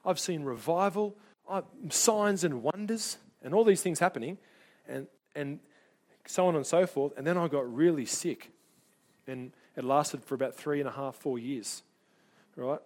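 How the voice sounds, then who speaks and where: Preaching at a measured pace, a middle-aged man weaves personal stories into his sermon. His rather high voice climbs and dips with each tale, and he animates the anecdotes by slipping into the voices of their characters for a moment.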